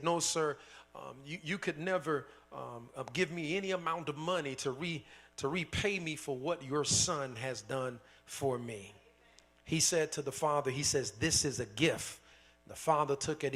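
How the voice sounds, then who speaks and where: A man preaching a sermon, telling a parable and then repeating his points with rising force. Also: on the high side. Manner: builds from soft storytelling to loud preaching with repetition. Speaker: pastor.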